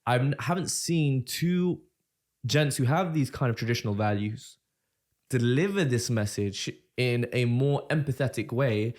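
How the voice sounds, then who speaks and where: British guy on a podcast, chatty and jokey, keeps saying mate, mid pitch. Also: measured pace, a little mellow. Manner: bantering, says "mate" often. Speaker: podcast co-host. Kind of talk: casual podcast chat.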